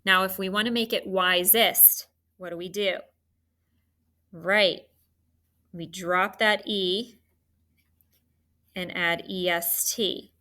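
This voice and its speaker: A woman teaching a spelling and phonics lesson to children. Her voice is bright and forward, and she speaks slowly and deliberately, spelling words letter by letter and praising the class as she goes. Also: lowish voice, fairly even intonation. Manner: slow, clear, encouraging teacher talk with spelled-out letters.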